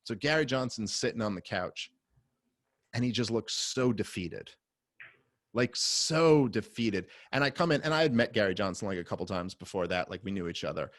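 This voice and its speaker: A male podcast guest with a lowish voice tells a story in casual conversation, animated and a little fast, full of swearing and fillers and occasionally erupting into loud, heated outbursts. The recording has no room sound.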